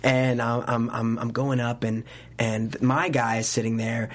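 A man's voice: medium pitch, a little slow, heavy background noise. A young man, a musician guest in a casual interview, telling stories with lots of laughs and acted-out quotes. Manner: animated storyteller, acts out quoted voices; laughs often, many likes and restarts.

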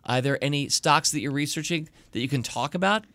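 A man's voice: fairly high pitch, fairly quick, fairly bright tone, dry recording. A man hosting a podcast, running a playful quiz with guests in a teasing, upbeat way. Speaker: podcast host. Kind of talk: casual podcast chat.

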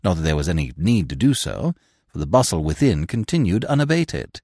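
A man narrating a comic classic novel as an audiobook, telling it with expressive storytelling. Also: deep voice, a little fast, no echo, studio quality. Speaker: narrator and podcast host.

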